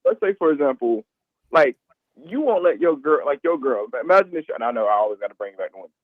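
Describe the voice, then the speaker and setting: A man's voice: medium pitch, big pitch swings, quick pace, no echo. A man co-hosting a sports talk show, rambling with lots of fillers. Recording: tinny phone-like line.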